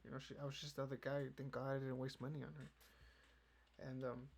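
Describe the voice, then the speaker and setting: Young guy rambling on his podcast, gravelly voice, swears a lot, keyboard clicking and noisy background. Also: mid-range voice, flat delivery, quick pace. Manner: rambling, profane, fills with "you know". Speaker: podcast host. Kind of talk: casual chat. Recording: keyboard clicks and noise behind.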